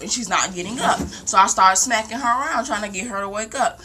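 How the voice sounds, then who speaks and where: Chatty young woman with a bright voice. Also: mid-range voice, fast, slight background noise. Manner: rambling, animated retelling with lots of "like". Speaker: vlogger. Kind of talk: casual storytelling. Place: home, indoors.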